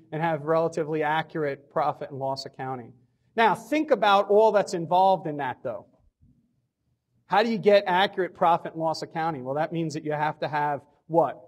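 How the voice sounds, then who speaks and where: A man giving a public lecture on economics, emphatic, repeating key phrases and posing questions he then answers himself. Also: fairly high pitch. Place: lecture hall.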